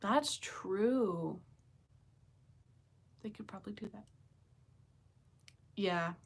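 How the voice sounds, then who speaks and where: A woman's voice: mid-range voice, drawn-out words, breathy edge. Chatty woman hosting a live chat. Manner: chatty, thinks aloud with fillers and questions to viewers. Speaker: livestream host chatting with viewers. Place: home with pets nearby.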